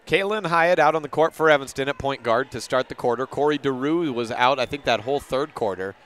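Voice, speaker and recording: A man does brisk play-by-play of a high school girls' basketball game on local radio, correcting himself on names now and then. His tone is fairly bright.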